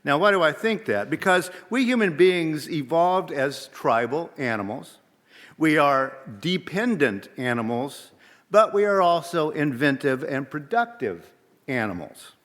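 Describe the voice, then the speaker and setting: Slow, deliberate man preaching in reverb. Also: a little high, sing-song, fairly bright tone. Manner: measured, deliberate, rhetorical questions. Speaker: minister. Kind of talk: sermon. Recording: long reverb of a large hall.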